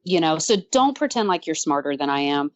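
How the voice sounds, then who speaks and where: A woman's voice: low voice, sing-song, a little fast, no room sound, muffled recording. A woman business owner talking frankly and with self-mockery in a casual panel conversation. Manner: frank and self-mocking, with fillers.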